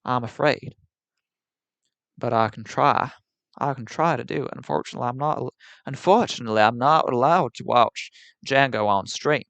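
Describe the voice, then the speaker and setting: A man's voice: mid-range voice, creaky, a bit bright, dry recording. A man putting on a drawling Southern plantation-owner voice with a non-rhotic Southern US accent. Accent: Southern US, non-rhotic (put on). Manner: slow drawl.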